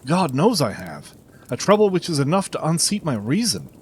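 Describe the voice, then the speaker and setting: A man's voice: on the high side, huge pitch swings, moderate pace, a little mellow, slight background noise, rough recording. A man reading a distraught, respectable banker in an audiobook, earnest and formal in manner. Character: distraught respectable middle-aged male banker.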